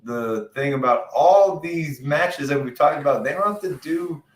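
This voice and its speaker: A man's voice: a little high, normal speed. A man co-hosting a casual chat about wrestling, opinionated and rambling, swearing freely. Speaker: podcast co-host. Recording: roomy echo.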